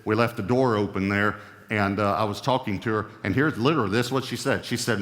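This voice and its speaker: A man preaching a sermon, emphatic, with a voice that swings up and down in pitch and loudness. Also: fairly quick, big-room sound. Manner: emphatic, rising and falling in pitch and volume. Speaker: pastor.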